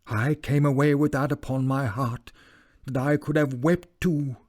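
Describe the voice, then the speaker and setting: A man voicing a frightened elderly butler who speaks in a slow, hushed, fearful way. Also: medium pitch, fairly even intonation, voice pushed up, lightly acted. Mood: grieving.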